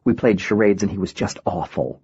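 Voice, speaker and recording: A man's voice: sits low, a little fast, mellow, slightly rough, highs cut off, heavily acted. A man voicing a chatty middle-aged mother talking on the phone, in a light, chattering way.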